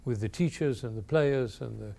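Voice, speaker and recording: A man leading a music masterclass, expressive and playful, singing phrases aloud to show how they should go. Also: medium pitch, moderate pace, creaky. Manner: playful asides. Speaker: music teacher leading an interpretation class. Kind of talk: masterclass coaching.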